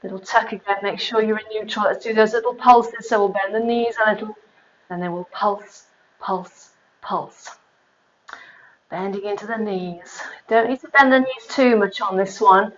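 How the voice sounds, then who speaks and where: Crowd noise and dull audio surround this pilates instructor as she leads a live workout in a home room with an exercise mat. She's slightly out of breath, counting reps aloud and chatting between exercises in a steady, medium-pitched voice at a moderate pace.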